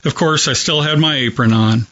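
Man telling gentle stories, lo-fi sound. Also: on the high side. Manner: gentle, earnest, measured storytelling. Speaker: hospice chaplain. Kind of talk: storytelling in a talk show interview. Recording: dull lo-fi broadcast audio.

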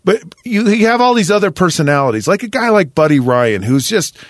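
Slightly high man, reflective sports host. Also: sing-song, dry recording, studio quality. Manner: reflective, halting with restarts. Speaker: podcast host. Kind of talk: casual sports chat.

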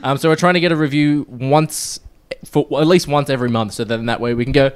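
A man's voice: medium pitch, steady tone, fast talker, clean tone. A man hosting a podcast in casual chat, rambling along and swearing now and then as he runs the show. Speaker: podcast host.

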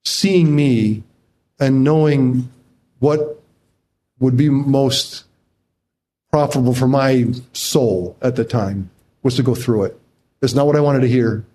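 A man's voice: medium pitch, slow, pauses often, mellow. A middle-aged man as an interview guest, telling a personal story in an emotional way with many restarts, his voice jumping up when he relives tense moments.

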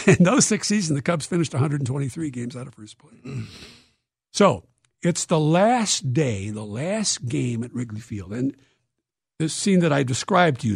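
A man, an author being interviewed, telling stories in a lively, dramatic way and acting out quotes. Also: mid-range voice, gravelly, husky, no room sound, studio quality. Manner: lively, dramatic storyteller who acts out quotes. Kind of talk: animated interview storytelling.

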